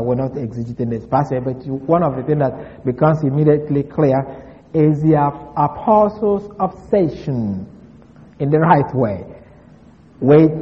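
A man giving a verse-by-verse Bible lesson, measured and deliberate, slowly stressing key words. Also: fairly high pitch. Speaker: Bible teacher. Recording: long reverb, dull lo-fi sound.

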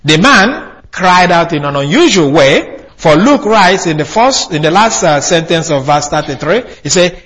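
A man delivers a sermon in a husky, slightly higher voice whose pitch swings up and down a lot. He teaches conversationally, restarting phrases and adding fillers as he explains scripture to the congregation. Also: animated, moderate pace, hardly any pauses, fairly bright tone. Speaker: preacher. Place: church hall.

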